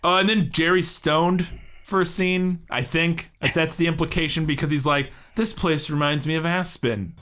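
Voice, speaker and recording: A man's voice: on the high side, steady tone, normal speed, a bit bright, soft background music. A man co-hosting a comedy podcast, rambling through a movie with frequent laughter and casual swearing. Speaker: podcast co-host.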